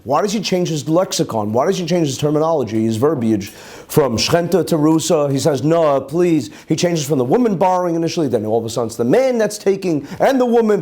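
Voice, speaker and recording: Rabbi at the lectern for a live Torah class: a man with a high, very expressive voice who keeps asking the room questions. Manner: animated, peppers talk with rhetorical questions and Hebrew terms. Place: live class with an audience present.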